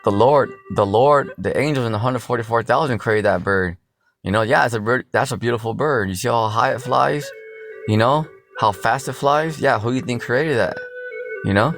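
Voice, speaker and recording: A man's voice: medium pitch, vocal fry, a bit bright. A man giving an informal scripture commentary, rambling and blunt, full of "you know" fillers and slang. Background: music playing underneath.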